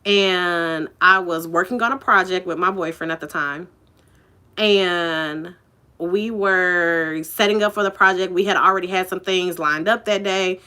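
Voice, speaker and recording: Woman vlogger spilling a story, lowish voice but bright and punchy, lots of likes, swears casually. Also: steady tone, a little slow. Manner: chatty, many "like" and "you know" fillers. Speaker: vlogger telling a personal story.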